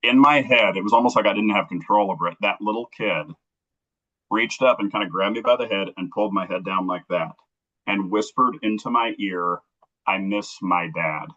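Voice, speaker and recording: A man's voice: lowish voice, a little fast, sharp tone, muffled recording. A middle-aged man, an interview guest, earnestly telling a personal story on a livestream and acting out remembered dialogue.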